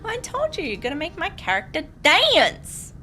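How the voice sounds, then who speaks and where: A woman's voice: very high voice, huge pitch swings, normal speed, pushed and bright, slight background noise. A young Australian woman, a game streamer chatting bubbly and giggly with viewers as she plays. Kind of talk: casual let's-play chat.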